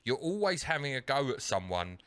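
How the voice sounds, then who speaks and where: A man's voice: medium pitch, sing-song, a little fast, a bit bright, clean tone, dry recording. A British man co-hosting a podcast in casual chat, swearing and acting out phone calls in a raised voice. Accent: British English. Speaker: podcast co-host.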